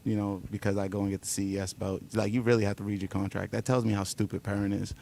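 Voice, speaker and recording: A fighter at a press conference, his voice sitting low with a rough, gravelly fry. He talks trash in a brash, profane way, boasting and taunting his opponent. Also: flat delivery, quick pace, mellow, a little hiss or hum. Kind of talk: trash talk.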